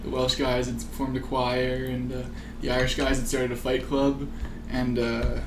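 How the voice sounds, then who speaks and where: A young man speaking slowly in a mid-pitched voice, telling stories haltingly with plenty of fillers and frequent laughs. The room is echoey, with clear background noise. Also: monotone. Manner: slow, halting storyteller, many likes and uhs, laughs often. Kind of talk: casual chat.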